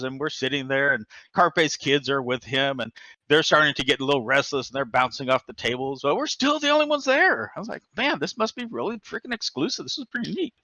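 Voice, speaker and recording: A man telling an animated personal story as a guest, his voice bright and forceful. He talks excitably, with lots of fillers and restarts. The recording is dry and close. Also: on the high side, dry recording.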